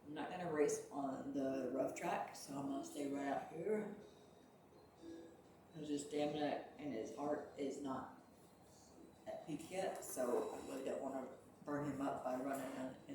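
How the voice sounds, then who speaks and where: Woman gamer, sleepy and halting, distant mic in an echoey room with steady noise. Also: very deep voice. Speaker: gamer playing a horse racing game. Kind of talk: casual gameplay commentary. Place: home.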